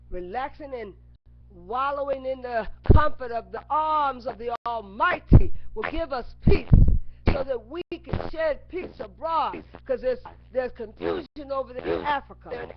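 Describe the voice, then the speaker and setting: A woman preaching an impassioned sermon-style monologue straight into her webcam. Her high voice swings widely and keeps slipping into a gravelly fry as she chants single words again and again. The muffled, lo-fi recording carries a clear layer of noise. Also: lively intonation, moderate pace. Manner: repetitive, chanting words over and over; bursts into shouts. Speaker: webcam speaker. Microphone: webcam mic.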